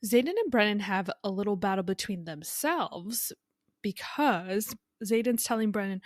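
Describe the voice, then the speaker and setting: A woman's voice: mid-range voice, expressive, unhurried, no room sound, clean studio sound. A woman co-hosting a podcast, recapping a book chapter by chapter in a chatty way, swearing freely and reading out quoted lines. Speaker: podcast co-host.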